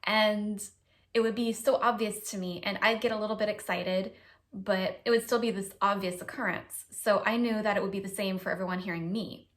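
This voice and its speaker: An American woman talking to her viewers in a relaxed vlog. Her voice sits at an ordinary middle pitch and she speaks in a loose, conversational way. She is chatty and a little self-deprecating, hedging often as she goes. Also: brisk. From United States. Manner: chatty, self-deprecating, frequent hedges and laughs. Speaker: vlogger. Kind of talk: casual vlog chat.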